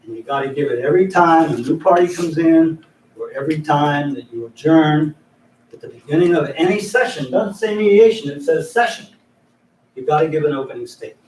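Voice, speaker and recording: An older man runs a mediation training class, demonstrating a mediator's opening statement in a folksy, joking manner and often restarting his sentences. His voice is fairly high, fairly quick and a little mellow. A distant mic in an echoey room picks him up, with a little hiss or hum.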